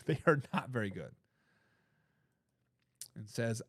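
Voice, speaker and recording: A man's voice: medium pitch, lively intonation, takes it slowly, long pauses, dry recording, studio quality. A man hosting a casual sports talk show, reading out viewer comments, repeating his points with emphasis and laughing between remarks.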